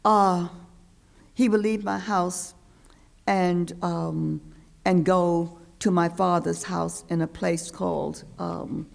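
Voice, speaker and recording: An older woman gives a poetry reading in a lecture hall. Her voice is deeply gravelly and fry-laden. She reads slowly and deliberately, leaning on the rhythm of each line. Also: steady tone. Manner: slow, deliberate, rhythmic delivery with pauses. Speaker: poet reading her work.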